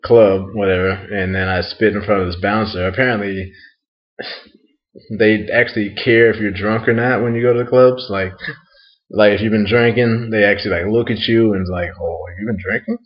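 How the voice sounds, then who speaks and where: A young American man rambles in a loose, crude monologue, a little tipsy after a night out. He laughs often and leans on "like" and "um". His voice sits low, and the lo-fi home recording sounds dull. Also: steady tone, normal speed. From United States.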